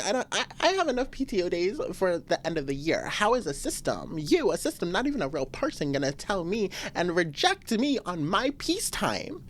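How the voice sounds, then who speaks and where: A woman's voice: a little fast, few pauses, slight background noise. A young woman hosting a casual solo podcast, venting animatedly with frequent laughs. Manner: animated, venting, laughs often, swings to high exclamations. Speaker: podcast host.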